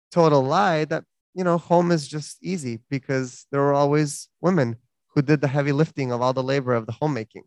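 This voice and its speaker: A man's voice: mid-range voice, no echo. A man preaching a reflective, earnest sermon, building through repeated phrases.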